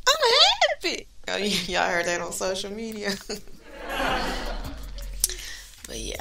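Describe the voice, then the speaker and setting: A woman's voice: sits high, gravelly, reverberant. A woman hosting her own podcast as a life coach, chatting casually, laughing often and using slang. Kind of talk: casual chat. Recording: distant mic with faint music.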